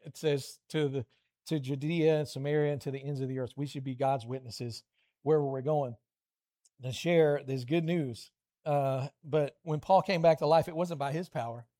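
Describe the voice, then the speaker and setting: A man, middle-aged, preaching a lively children's sermon, animated storytelling with playful voiced asides. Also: fairly high pitch.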